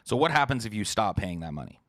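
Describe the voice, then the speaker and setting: Man, low voice, heated profane rant, livestream host answering chat, dry close sound. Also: very animated, fast talker, a bit bright, no echo. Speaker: podcast host.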